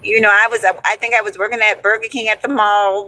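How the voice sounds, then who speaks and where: A woman in her forties telling a story from her past in a casual, animated, profane way, calling her listeners honey and y'all. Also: mid-range voice, a little fast, no echo, rough recording. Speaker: storyteller host.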